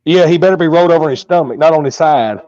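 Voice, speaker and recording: A man's voice: on the high side, racing, a little mellow. Laid-back Southern man on a lo-fi call. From Georgia, US. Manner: laid-back, swears freely, calls people man. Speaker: guest. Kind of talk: casual chat.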